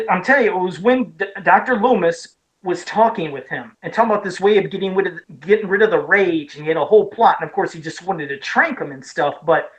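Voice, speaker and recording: A woman's voice: mid-range voice, poor audio. A woman from Ohio co-hosting a casual podcast, eagerly retelling scenes with many restarts and asides. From Ohio, USA. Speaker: podcast co-host. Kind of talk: casual podcast chat about horror films.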